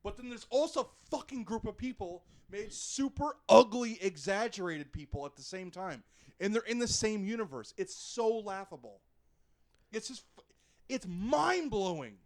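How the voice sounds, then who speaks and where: In a loose game-review segment, a young man co-hosting a podcast vents sarcastically, cursing freely and sounding fed up. He talks at normal speed in a high-pitched voice with big swings in pitch.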